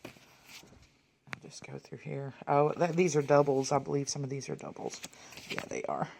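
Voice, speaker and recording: A woman, chatting casually while leafing through old photos, rambling and muttering soft asides. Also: rumbling low, steady tone, a little slow, vocal fry, slight background noise. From Texas. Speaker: vlogger. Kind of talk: casual reminiscing over a photo album.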